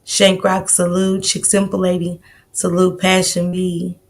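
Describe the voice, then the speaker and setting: Gravelly woman greeting livestream chatters. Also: lowish voice, completely flat delivery, a little slow. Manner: greets viewers by name in slangy banter. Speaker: livestream host. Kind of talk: casual livestream chat.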